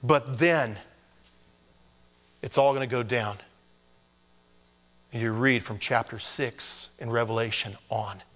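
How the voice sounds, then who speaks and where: A male pastor preaches in a loose, conversational style, joking and slipping into high mock voices to mimic people. His voice sits at a middle pitch. A long hall reverb trails behind every phrase. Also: slow pace, long pauses, fairly bright tone. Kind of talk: conversational sermon.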